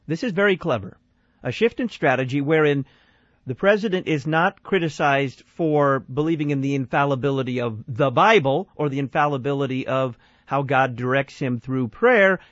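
A man's voice: mid-range voice, a bit bright, no room sound. A man hosting a call-in radio show, questioning and commenting, repeating the phone number. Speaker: radio talk show host. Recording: dry, slightly dull studio sound.

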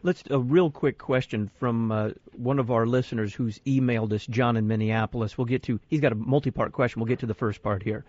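A male radio host introduces his guest and reads out listener questions with deliberate, polished timing. The studio sound is dry and close, slightly dull. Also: medium pitch, fairly even intonation, a little mellow, dry recording. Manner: crisp, deliberate broadcast delivery. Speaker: radio talk show host. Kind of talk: radio hosting and announcements.

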